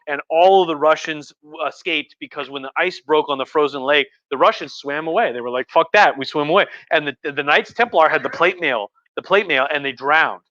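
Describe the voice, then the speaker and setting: A tipsy man hosting a livestream, telling history in a rambling, profane, animated way. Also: fairly high pitch, dry recording. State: tipsy from wine. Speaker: host. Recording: lo-fi livestream audio.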